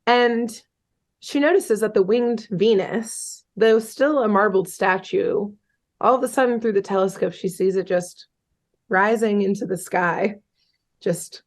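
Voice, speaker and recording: Chatty woman podcast host, mid-pitched. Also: measured pace. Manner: chatty, swearing, many fillers like "um" and "like". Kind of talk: casual chat, retelling a cartoon episode.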